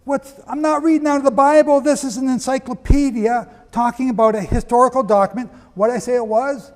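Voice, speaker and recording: A man's voice: very high voice, fairly even intonation, fairly quick. A man teaching a lecture-style sermon, reading quotations aloud and asking the audience questions. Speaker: Bible teacher. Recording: long hall reverb.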